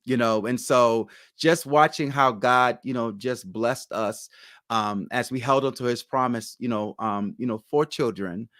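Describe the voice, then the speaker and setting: Earnest pastor with a halting delivery. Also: male voice, medium pitch, fairly bright tone, dry recording, clean studio sound. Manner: halting, frequent ums, earnest. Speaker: pastor, guest. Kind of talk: personal faith testimony.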